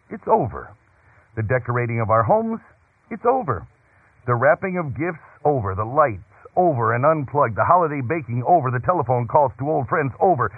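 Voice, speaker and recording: A man preaching a radio sermon, telling a story in a measured, emphatic preaching cadence. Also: fairly low pitch, husky, dry recording. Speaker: radio pastor. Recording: phone-like narrow-band radio broadcast.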